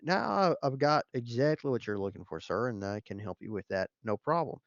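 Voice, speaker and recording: A man's voice: mid-range voice, lively intonation, fairly quick, vocal fry, no room sound, dull audio. A man voicing a folksy Southern phone salesman with eager, obliging sales patter.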